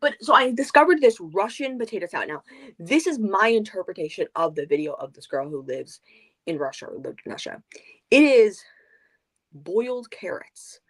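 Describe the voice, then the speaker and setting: A woman co-hosting a book club livestream, chatting casually and going off on rambling, animated tangents. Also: mid-range voice, moderate pace. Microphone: video call.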